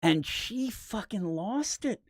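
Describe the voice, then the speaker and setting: Brief: podcast host, casual chat, animated and profane, very lively pitch, dry sound. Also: takes it slowly, dry recording. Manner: rambling, animated, profane storytelling.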